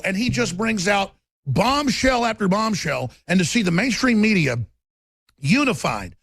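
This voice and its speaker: Gravelly high-pitched ranting male host. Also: no echo. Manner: forceful, rapid, stammering restarts. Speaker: radio talk show host. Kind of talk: ranting political talk.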